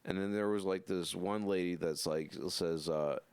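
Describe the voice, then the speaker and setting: A man guesting on a casual podcast, laid-back, mostly chiming in with short agreement and the odd dark joke. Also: deep voice, steady tone, normal speed, clear, resonant tone, no room sound.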